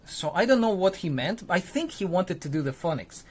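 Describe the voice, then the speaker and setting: A man's voice: fairly high pitch, lively intonation, normal speed, breathy edge. Conversational male teacher telling a story. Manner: loose and conversational, many fillers, acts out quoted lines. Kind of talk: casual storytelling to camera.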